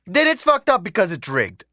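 A man's voice: high voice, wildly swooping pitch, a little slow, pushed and bright, dry recording. Profane ranting man, dry close sound. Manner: heated, profane, repetitive ranting. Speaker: podcast host. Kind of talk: casual political rant.

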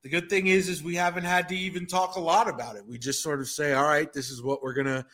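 Bright-voiced man co-hosting a chatty podcast. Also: a little high, level tone, fast. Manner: chatty, joking, self-deprecating. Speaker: podcast co-host. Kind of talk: casual podcast chat.

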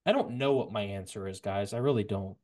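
A man hosting a casual sports podcast, stumbling over repeated words and then rushing ahead in bursts of excitement. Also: on the low side. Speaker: podcast host.

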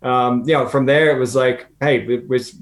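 A man's voice: medium pitch, steady tone, normal speed. A man from Southern California chatting as a guest over a video call, telling stories in a laid-back way with frequent laughs and restarts.

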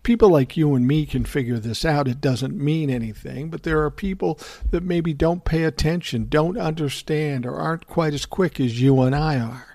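A man's voice: a little high, moderate pace, a little mellow, no echo, clean studio sound. An older man hosting a podcast, giving solo political commentary in a heated, profane rant. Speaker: podcast host.

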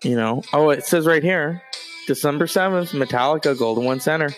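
A man hosts a podcast in loose, casual chat. He rambles from thought to thought and swears freely. His voice sits a little high for a man. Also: brisk, soft background music. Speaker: podcast host.

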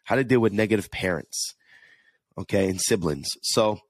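A man's voice: lowish voice, moderate pace, no echo. A man with a New York–New Jersey accent hosting a casual solo podcast, chatty and earnest, often restarting and repeating words. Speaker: podcast host.

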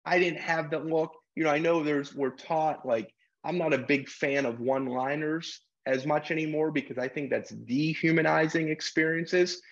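A man's voice: on the high side, normal speed, highs cut off. A man who works as a basketball referee, speaking earnestly and reflectively as a podcast guest and acting out exchanges with coaches. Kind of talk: podcast interview.

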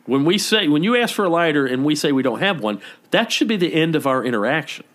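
A man co-hosting a casual podcast chat, telling a story with lively, animated delivery and acting out what people said. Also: fast. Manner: animated storytelling, acting out quoted lines with big pitch jumps. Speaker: podcast co-host. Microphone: podcast microphone.

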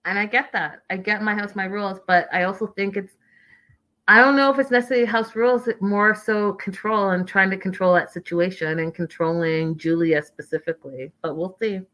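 A woman's voice: mid-range voice, fairly even intonation, fairly quick, a bit bright. A woman giving a casual, opinionated recap of a reality TV show, stressing points by repeating words.

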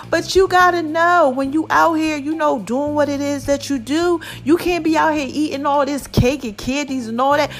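A middle-aged woman hosting a casual podcast, animated and preachy, calling her listeners "babies" and "y'all". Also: high voice. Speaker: podcast host. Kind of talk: casual encouraging podcast talk.

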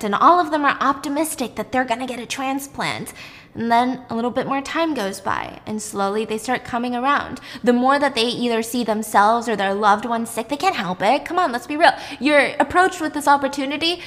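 A young woman retelling a story in a casual, chatty, animated way. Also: a little high, brisk, long reverb tail. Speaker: storyteller host.

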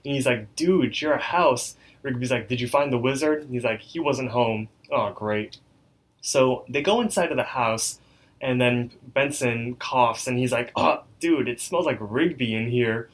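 A man's voice: mid-range voice, a little slow. Give me a young man co-hosting a chatty podcast, rambling through an episode recap. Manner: loose recapping with many fillers. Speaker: podcast co-host. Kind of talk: casual episode recap chat.

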